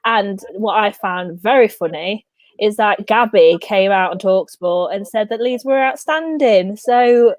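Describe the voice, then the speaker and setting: A woman's voice: mid-range voice, unhurried, no echo. Enthusiastic rambling woman fan. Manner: enthusiastic, rambling, says "do you know what I mean". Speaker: podcast co-host. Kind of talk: casual football chat.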